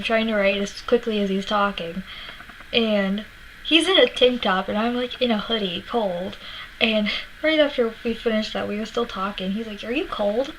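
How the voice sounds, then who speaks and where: A woman's voice: a little high, a bit bright, a little hiss or hum, low-quality recording. A young woman from Florida telling a story to her vlog audience in a chatty way, acting out quotes, laughing and swearing now and then. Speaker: vlogger. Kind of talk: casual storytelling.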